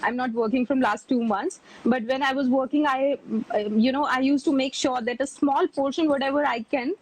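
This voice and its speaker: A woman in her thirties with an Indian accent, talking excitedly as a guest on a video call. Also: high voice, normal speed, slightly rough, low-quality recording. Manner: excited, overwhelmed, laughing.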